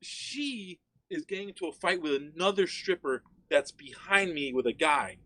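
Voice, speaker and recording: A Miami man, guesting on a laid-back chat, tells a story with lots of energy, plenty of swearing, and a steady stream of "like." His voice sits a little high and moves at a normal speed.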